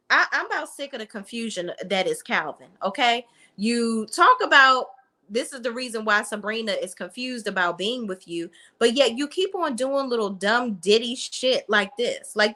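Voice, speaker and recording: A young woman talks straight into a close microphone, blunt and sassy as she recaps a drama episode. Her voice is bright and forceful, and she keeps slipping into quick imitations of the characters. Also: a little high. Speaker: reality TV recap host. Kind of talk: casual recap vlog.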